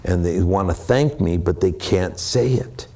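A man's voice: deep voice, measured pace, warm tone. A man speaking to a room of students as a guest actor, talking candidly and earnestly about his work. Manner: earnest, mixes in laughs and acted-out quotes. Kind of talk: candid talk to an audience. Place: room with a live audience.

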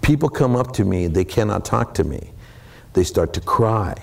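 Deep raspy guy giving earnest advice to a room of students, gravelly and low. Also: expressive, normal speed. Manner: earnest, mixes in laughs and acted-out quotes. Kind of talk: candid talk to an audience. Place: room with a live audience.

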